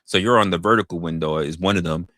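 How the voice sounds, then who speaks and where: A man streaming online in casual chat, venting in an animated way with frequent restarts, swearing freely, and rising to incredulous outbursts. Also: low voice, no echo, studio quality. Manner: halting restarts.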